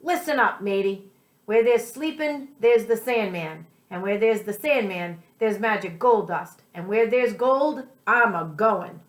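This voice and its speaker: A woman's voice: mid-range voice, measured pace, close to an everyday voice. A woman doing a blustering greedy pirate captain. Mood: scheming. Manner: pirate dialect, blustering exclamations. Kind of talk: storybook read-aloud.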